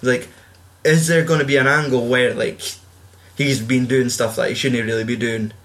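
A man in casual chat, swearing freely and acting out quotes in a louder voice. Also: mid-range voice, fairly even intonation, normal speed. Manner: swears a lot, acts out quotes in raised voices.

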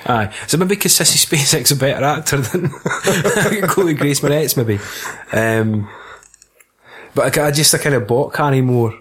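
A man's voice: medium pitch, measured pace, a bit bright, breathy edge. A young Scottish man in casual film chat, sweary and laughing often as he co-hosts. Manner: laughing, sweary, puts on silly voices. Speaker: podcast co-host.

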